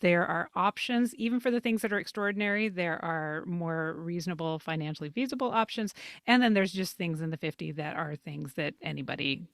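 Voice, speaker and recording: A woman co-hosting a podcast, bubbly and animated, with frequent laughter. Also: lowish voice, fairly quick, few pauses, dry recording, clean studio sound. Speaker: podcast co-host. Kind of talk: casual chat.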